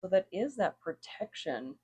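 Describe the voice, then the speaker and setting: Casual rune reader, middle-pitched voice, loose and rambling, dry close sound. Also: big pitch swings, normal speed, darkish tone, slightly rough, no room sound. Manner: meandering, thinks aloud, self-correcting, chuckles often. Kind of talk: casual spoken reading to viewers.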